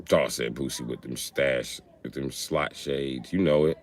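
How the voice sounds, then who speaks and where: A man's voice: extremely low pitch, steady tone, unhurried. A man ranting casually on a livestream, rambling, swearing and laughing often. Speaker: livestream host. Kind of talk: casual comedic rant.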